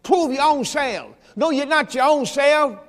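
A man's voice: very high-pitched, a little slow, fairly bright tone, big-room sound. A man preaching a Sunday sermon as pastor, in a folksy style that mixes scripture quotes with rhetorical questions. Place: church during Sunday service.

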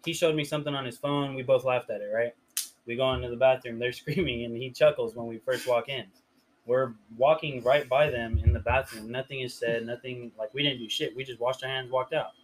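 A young man from the Riverside area tells a story in a laid-back, rambling way, swearing freely and leaning on filler words. His voice sits at an ordinary middle pitch. A faint hiss runs under the recording. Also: steady tone, fairly quick, low-quality recording. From Riverside area, California. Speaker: podcast host. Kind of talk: casual storytelling chat.

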